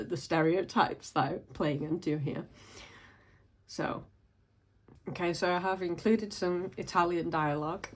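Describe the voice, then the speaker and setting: A woman in her late thirties with a slightly low voice reads her teenage writing aloud to camera. She keeps stopping to comment on it, laughing at her younger self in an amused, self-mocking way. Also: fairly even intonation, a little slow. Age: late 30s. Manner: amused, laughs often while reading. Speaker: writer and vlogger.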